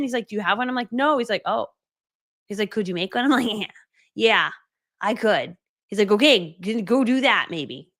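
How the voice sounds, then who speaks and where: A middle-aged woman coach telling a story in a casual, animated way, full of "like" and "right?". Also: medium pitch, quick pace. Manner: animated, dramatic retelling with many "like"s and "right?". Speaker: online course creator and coach.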